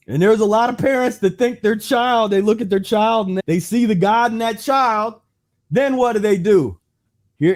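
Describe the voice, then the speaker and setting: A man with a high but darkish voice hosts a livestream about health. He starts out casual and conversational, restarting his sentences often, then shifts into a preachy run of rhetorical questions.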